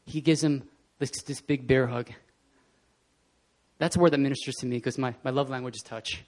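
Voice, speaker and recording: A man preaching a casual, animated sermon in a church, often laughing and acting out scenes. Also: medium pitch, normal speed. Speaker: pastor. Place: church hall.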